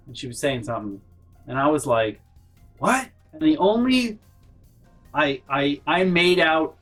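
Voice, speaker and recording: A man hosting a gaming channel, telling a rambling, exasperated story and swearing freely, jumping into loud mock yells. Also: mid-range voice. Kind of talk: storytime over gameplay.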